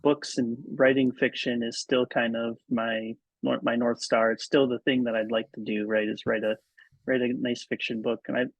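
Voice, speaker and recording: A man who is a writer and editor, speaking as a podcast guest in a halting way with many ums and restarts. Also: medium pitch, little pitch movement, no room sound. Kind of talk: casual interview chat. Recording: dull, muffled, dry audio.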